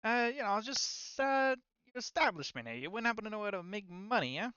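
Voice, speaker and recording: A man drawls his way through playing his character at a tabletop game. His voice is smooth, with a lively pitch. The recording sounds dull and lo-fi. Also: a little fast, dry recording. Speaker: player. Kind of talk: in-character tabletop role-play. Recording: dull, lo-fi mic.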